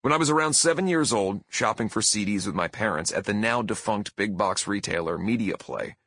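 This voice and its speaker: A man in his thirties reading his own memoir aloud as an audiobook, with expressive, emphatic storytelling. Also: fairly low pitch, a little fast. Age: 30s. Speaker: author narrating his memoir. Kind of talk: audiobook narration.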